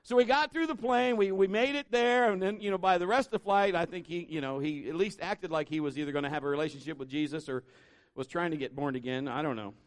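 A man's voice: on the high side, fast, no echo. A man preaching a sermon at a church service in a casual, storytelling way that leans toward conversation. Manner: conversational, animated storytelling with acted-out quotes. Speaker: pastor.

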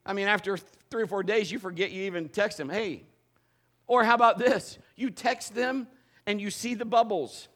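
A man's voice: high voice, normal speed. A middle-aged man, a pastor, giving a humorous sermon full of stories and acted-out quotes. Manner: storytelling with acted quotes, animated and joking.

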